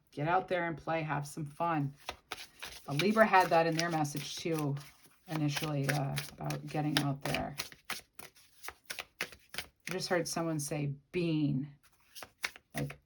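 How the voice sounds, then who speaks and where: A woman's voice: deep voice, noisy background. A woman giving a casual channeled tarot reading, musing aloud and speaking to the viewer directly. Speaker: tarot reader.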